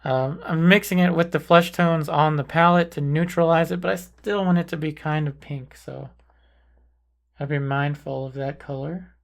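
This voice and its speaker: A man calmly talking through a portrait painting tutorial, thinking aloud as he paints. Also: on the high side, gravelly. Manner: calm, unhurried, thinking aloud while painting. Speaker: painting instructor. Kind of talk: relaxed painting tutorial narration.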